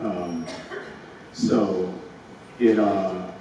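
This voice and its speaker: Man, actor panel guest, halting, fillers and restarts, distant mic, faint hiss. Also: deep voice, steady tone, warm tone, dull audio. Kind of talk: press panel answer. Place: large convention hall. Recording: echoey hall, far from mic, faint hiss.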